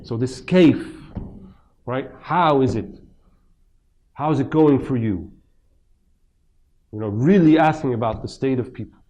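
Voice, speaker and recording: Man, mid-pitched teacher, conversational lecture, heavy on rhetorical questions. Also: moderate pace, long pauses, darkish tone. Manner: conversational, rhetorical questions, acts out quoted speech. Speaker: religious teacher. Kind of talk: lecture commentary to a seminar audience. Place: mosque.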